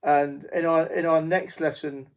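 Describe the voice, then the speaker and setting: A man with a gravelly, somewhat raised voice gives a casual beginner drum lesson. He talks haltingly, full of restarts and fillers, counting out beats as he goes. A faint hiss sits under the recording. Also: a little high, steady tone. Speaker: drum teacher. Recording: faint noise with drum pad clicks.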